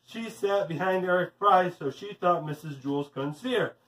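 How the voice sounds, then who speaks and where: A man, a physical education teacher, reading a children's story aloud in an animated way. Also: high-pitched, moderate pace. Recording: roomy, distant mic.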